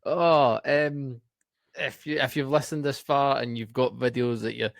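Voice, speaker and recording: A man's voice: mid-range voice, fairly even intonation, a little slow, vocal fry, dry recording, clean studio sound. A Scottish man co-hosting a beer podcast in casual, sweary chat, laughing often. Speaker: podcast co-host.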